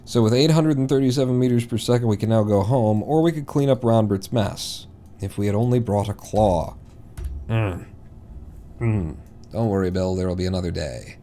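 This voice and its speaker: A man's voice: on the low side, normal speed, a little hiss or hum. Rambling male streamer, swearing at the game. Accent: East Coast American, put on. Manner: rambling, swears loudly when frustrated. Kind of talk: live gameplay commentary.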